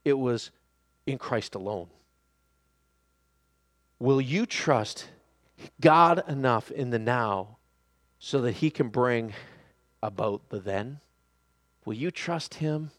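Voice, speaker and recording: A man preaching a sermon who swings between hushed, quiet passages and loud, excited shouting. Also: mid-range voice.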